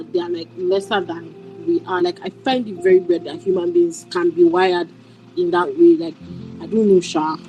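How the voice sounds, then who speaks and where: A woman's voice: medium pitch, darkish tone, rough recording. A woman in a book club discussion, speaking hesitantly with many fillers and apologies. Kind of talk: casual discussion.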